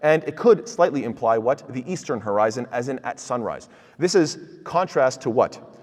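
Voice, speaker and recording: A man giving an animated Quran commentary lesson, asking rhetorical questions and reciting Arabic verses in a quick chant. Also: mid-range voice, long reverb tail. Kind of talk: tafsir lesson. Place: mosque hall.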